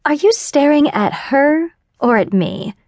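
Casting: female narrator doing a bold, teasing best friend, unhurried, dry studio sound. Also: high-pitched, animated, darkish tone, no echo, pitched above the performer's own voice. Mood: flirty. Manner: teasing, forward. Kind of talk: audiobook character voice.

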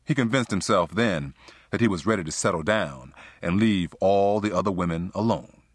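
A man narrating an audiobook in a smooth, expressive storytelling manner. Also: deep voice, moderate pace, no echo, clean studio sound. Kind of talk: scripted narration.

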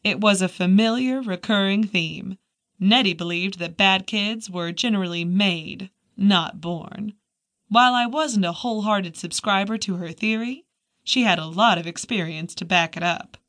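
A woman's voice: mid-range voice, normal speed, fairly bright tone. Woman reading a mystery audiobook. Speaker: audiobook narrator. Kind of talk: scripted narration of a mystery novel.

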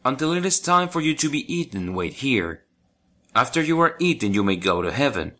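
Cruel chanting witch from a kids storybook, guy reading her, lively and menacing. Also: medium pitch, fairly quick. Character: cruel chanting witch woman who eats children.

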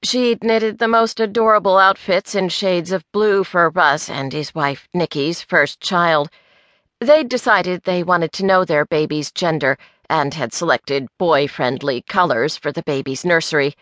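Bright, dry audiobook narrator woman. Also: on the low side, no echo. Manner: clear, measured storytelling. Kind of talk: scripted narration. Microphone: close studio mic.

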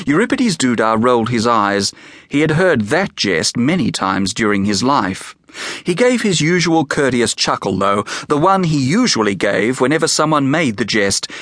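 Man, children's audiobook narration, expressive, lively melody, dry close sound. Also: medium pitch, dry recording. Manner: expressive, storytelling. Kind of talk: scripted narration of a children's novel.

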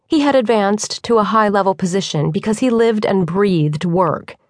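A woman narrating a contemporary romance audiobook with an even, measured delivery. Her voice sits at a medium pitch, recorded dry and close with no room sound. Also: no room sound. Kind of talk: scripted narration.

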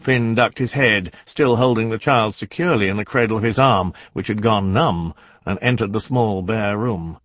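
A man reading a historical novel aloud as an audiobook narrator, measured and dramatic. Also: lowish voice, no room sound, muffled recording. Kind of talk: scripted narration.

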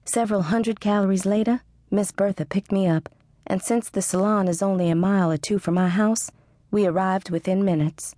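A woman's voice: medium pitch, fairly even intonation, moderate pace, dark tone, no room sound. A woman reading a first-person audiobook narration in a wry, sarcastic manner. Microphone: studio close mic.

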